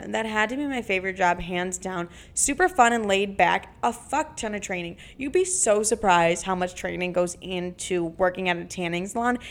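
A young adult woman hosting a podcast, telling stories in a casual, animated way, swearing freely and saying "like" a lot. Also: mid-range voice, vocal fry. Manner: animated, jumps into acted-out voices. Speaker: podcast host. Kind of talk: casual storytelling.

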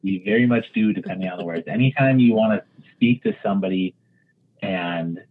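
Wisconsin man, husky, low, patient explainer, remote call sound. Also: a little fast. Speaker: guest realtor. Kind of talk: casual podcast chat. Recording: tinny phone-like line.

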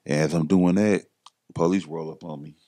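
A man's voice: sits low, fairly even intonation, normal speed, dark tone. A man, a podcast guest, telling his story in casual slang and acting out the voices of the people he quotes.

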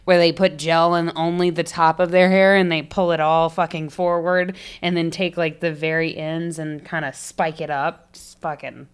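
A woman's voice: deep voice, flat delivery, normal speed, hardly any pauses, clean tone. A woman co-hosting a podcast in casual chat, sardonic and given to swearing. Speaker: podcast co-host.

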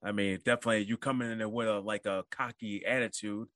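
A man hosting an interview, answering in a quick, rambling way. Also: lowish voice, fairly even intonation, a bit bright, no room sound, clean studio sound. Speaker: interview host.

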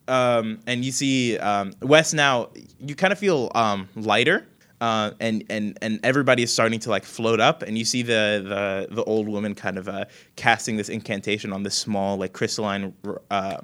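A man's voice: fairly low pitch, normal speed, a bit bright, clean tone. Man running a tabletop game. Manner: hesitant, full of fillers. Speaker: game master.

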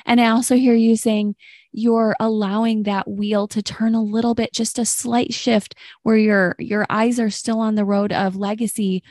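A woman's voice: fairly high pitch, flat delivery, moderate pace, darkish tone, no room sound. Affirming woman host, dry close sound. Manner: reflective, affirming, restates the guest's words. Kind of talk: faith podcast conversation.

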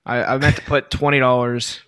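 A man co-hosting a podcast in loose, rambling casual chat full of fillers and swearing, his voice worn from yelling. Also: mid-range voice, little pitch movement, fairly quick, smooth, dry recording, studio quality. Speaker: podcast co-host.

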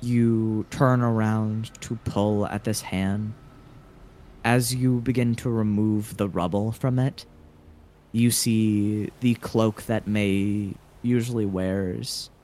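A man narrating a tabletop game as game master, setting scenes in a measured, dramatic way. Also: fairly low pitch, flat delivery, dark tone, a little hiss or hum.

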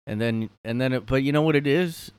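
A man's voice: mid-range voice, a little fast, clean tone, no room sound. A man hosting a casual solo podcast from his room, rambling with lots of fillers and a sardonic edge. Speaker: podcast host.

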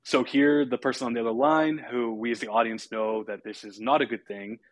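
A man's voice: mid-range voice, fairly even intonation, fairly quick, no room sound. A man hosting a podcast, casually recapping a horror film with fillers and chuckles. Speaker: podcast host.

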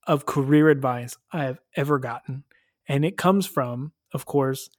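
A man hosting a casual review podcast, animated and chatty, with lots of fillers and frequent laughs. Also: on the high side, dry recording, clean studio sound. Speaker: podcast host reviewing episodes.

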